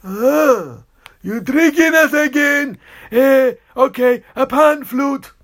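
A man answers quiz questions in broken English. He hesitates and repeats himself as he searches for words. His voice sits very high, and he speaks slowly. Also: a bit bright. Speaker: quiz contestant.

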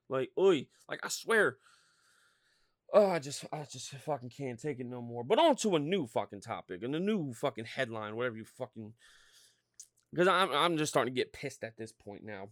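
Man, thirties, podcast host, profane casual rant, animated pitch, dry close mic. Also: normal speed, dry recording. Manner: profane, animated ranting with frequent fillers.

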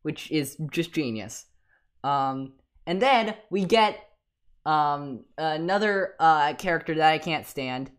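A woman co-hosting a casual fan podcast, talking in animated, exasperated rants with many restarts. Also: deep voice, slow pace. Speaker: podcast co-host.

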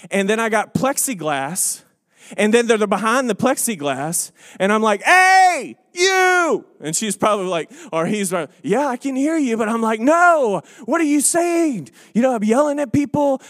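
Animated joking pastor in a reverberant church. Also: male voice, a little high. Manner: joking, animated storytelling with acted-out asides. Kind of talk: casual sermon. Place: church sanctuary.

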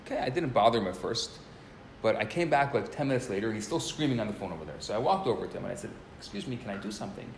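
A man teaches and tells a story to a small group in a relaxed, casual way, often repeating his opening words. His pitch moves a lot, and the room adds a clear echo with a faint hum of background noise behind him. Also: very fast. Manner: animated, repeats words when starting sentences.

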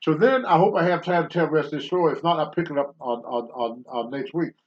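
A man's voice: fairly high pitch, quick pace, dull audio. A man telling stories from his wrestling career in casual, blunt talk, acting out the people he quotes. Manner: animated, acts out the voices of the people he quotes; blunt, rough language. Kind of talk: casual spoken storytelling.

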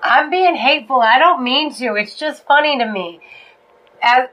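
A woman's voice: high voice, moderate pace, bright, forceful tone, low-quality recording. A woman co-hosting a podcast, retelling a fairy tale casually with jokes, swearing and apologetic asides. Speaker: podcast co-host.

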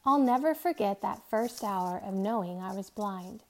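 A woman reading a novel aloud in a steady, soft, measured way. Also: mid-range voice. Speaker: reader.

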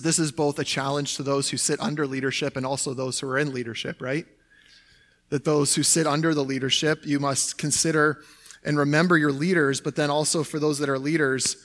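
A young adult man preaches a sermon in a relaxed, conversational manner. He often checks in with his listeners with a quick "right?". His voice sits a touch higher than most men's. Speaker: pastor.

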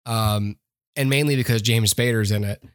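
A man's voice: fairly low pitch, steady tone, normal speed, clear, resonant tone, no echo, clean studio sound. A man co-hosting a casual movie podcast, rambling and enthusiastic, often restarting his sentences. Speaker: podcast co-host. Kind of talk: casual chat about movies.

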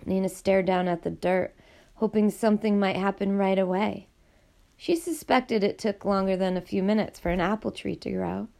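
A woman reading a novel aloud as audiobook narrator, in a steady, measured way with a gravelly voice. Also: mid-range voice. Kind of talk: scripted narration.

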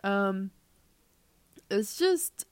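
A woman's voice: medium pitch, very animated, very slow, smooth, no room sound. A young woman hosting a podcast, rambling through a casual, joking rant and dropping into whispered asides. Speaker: podcast host.

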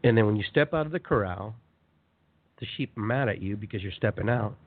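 A man's voice: lowish voice, brisk. Man talking over a tinny phone line. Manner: animated, conversational, repeats phrases for emphasis. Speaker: radio show host. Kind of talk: motivational spiritual monologue.

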